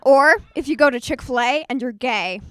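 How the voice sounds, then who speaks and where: A teenage girl performing a self-mocking stand-up comedy set at an open mic, bursting into loud acted quotes. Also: sits high, normal speed, clear, resonant tone, no echo. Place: small live performance venue.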